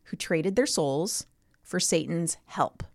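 A woman's voice: fairly low pitch, takes it slowly, gravelly, no room sound, studio quality. A woman co-hosting a podcast, telling a story in casual chat with lots of asides. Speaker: podcast co-host.

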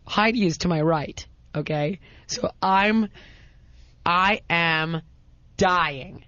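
A woman's voice: mid-range voice, animated, measured pace, fairly bright tone, dry recording. A woman telling a casual story with dramatic, self-mocking exaggeration, rambling through restarts. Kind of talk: casual anecdote. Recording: dry, dull lo-fi sound.

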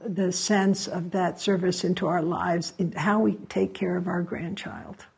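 A woman meditation teacher giving closing remarks at a retreat, speaking in a reflective, halting and gently encouraging way. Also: mid-range voice, husky.

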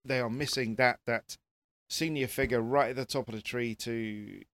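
A man chatting as a rally pundit on a panel, lively, with many restarts. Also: medium pitch, normal speed, dry recording. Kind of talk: casual panel chat.

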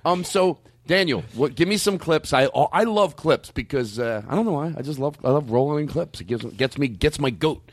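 A man hosting a podcast in casual chat, animated and swearing freely, given to sudden shouted rants. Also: a little high, normal speed, hardly any pauses, no room sound, studio quality. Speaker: podcast host.

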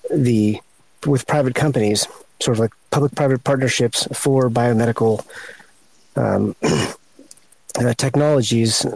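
A man on a podcast explaining government research agencies hesitantly, with many pauses and fillers. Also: mid-range voice, a little mellow, poor audio. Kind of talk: casual explanation.

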